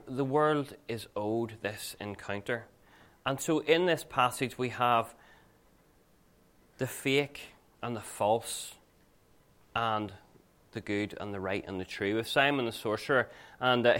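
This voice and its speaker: A man's voice: mid-range voice, slow pace, long pauses, a bit bright. A male pastor preaching a sermon in a conversational, earnest way, weaving in personal stories.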